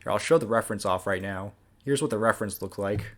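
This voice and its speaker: Male series creator doing a casual commentary voice-over; somewhat low voice, loose and rambling. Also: quick pace. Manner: casual, rambling, with many fillers.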